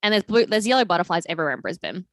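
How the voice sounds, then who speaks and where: This is a young woman in casual podcast chat, telling stories with gushing, animated energy. Her words tumble out at a brisk clip. The sound is dry and close, with no room around it. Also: fairly low pitch, dry recording. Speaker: podcast co-host.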